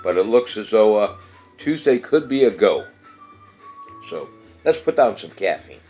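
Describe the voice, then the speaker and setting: A man's voice: lowish voice, expressive, a little slow, warm tone, soft background music. A middle-aged man, hosting a casual show and rambling through birthdays and weather with many fillers and restarts. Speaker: radio-style show host.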